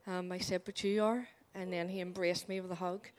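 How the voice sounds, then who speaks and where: A woman in a church group quietly sharing a reflection, with hesitant fillers. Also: fairly low pitch, flat delivery, fairly quick. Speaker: group participant.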